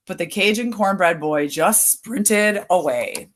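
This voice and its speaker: A woman reading a picture book aloud as a storyteller, pausing to add explanatory asides for listeners. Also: medium pitch.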